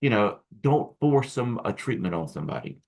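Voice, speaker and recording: A man's voice: medium pitch, very animated, normal speed, vocal fry, darkish tone. A man teaching acupuncture students in a casual, rambling lecture full of restarts and asides. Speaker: acupuncture instructor. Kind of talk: recorded lecture.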